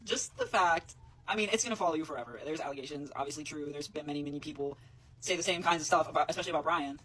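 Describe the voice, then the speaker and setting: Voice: mid-range voice, racing, a bit bright, low-quality recording. A social media commentator in a played clip, rattling through quoted statements bluntly and indignantly, breaking into scoffing laughs. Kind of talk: fast spoken commentary video.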